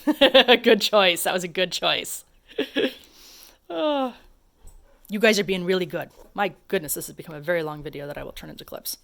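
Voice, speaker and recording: A woman's voice: lowish voice, a bit bright. Chatty woman dog trainer explaining. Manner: chatty, explains while calling to her dogs. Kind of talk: casual commentary over video.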